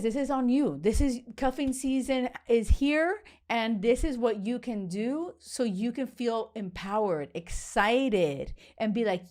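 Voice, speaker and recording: Energetic blunt woman dating coach. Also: mid-range voice. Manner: energetic, blunt, swears, repeats words. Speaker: dating coach and podcast host. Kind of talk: casual motivational talk.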